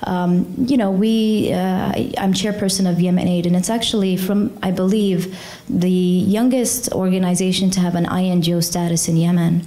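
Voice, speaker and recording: A young woman speaking to a community audience as a charity chairperson, earnest and conversational, with many fillers and lively retold dialogue. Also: lowish voice, normal speed. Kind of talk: personal storytelling talk to a community audience.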